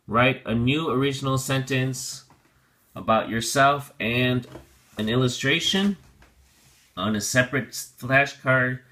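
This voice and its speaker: A man's voice: mid-range voice, sharp tone. A man teaching an English vocabulary lesson, explaining patiently step by step with plenty of fillers.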